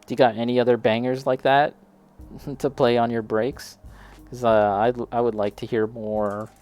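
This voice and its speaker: A man's voice: mid-range voice, little pitch movement, normal speed, darkish tone. A man chatting casually while building a model kit, talking straight to a friend and laughing often.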